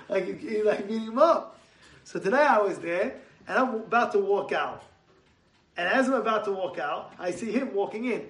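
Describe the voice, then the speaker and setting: Male rabbi, high-pitched, chatty sermon full of anecdotes; recorded at a distance in a roomy hall. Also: fairly quick. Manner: animated, acts out quotes with raised voice. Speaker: rabbi giving a Torah talk. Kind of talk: casual sermon with storytelling. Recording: echoey room from far off.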